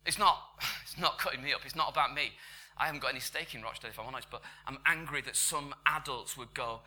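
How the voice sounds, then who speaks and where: A man preaching a sermon in church, conversational, dropping to whispers and rising to loud emphatic bursts. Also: medium pitch, fast.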